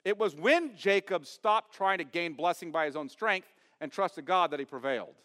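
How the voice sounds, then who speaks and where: A man preaching a sermon as pastor, emphatic, asking his congregation questions and swinging from loud stress to quiet asides. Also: high-pitched, lively intonation, moderate pace, big-room sound. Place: church sanctuary.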